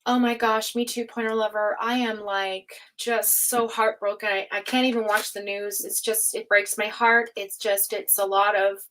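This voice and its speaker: A woman hosting a live tarot stream, chatting casually with viewers, laughing often and speaking of energy and higher self. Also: little pitch movement, normal speed, few pauses, a bit bright, a little hiss or hum, rough recording. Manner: chatty, reads out chat names and laughs often.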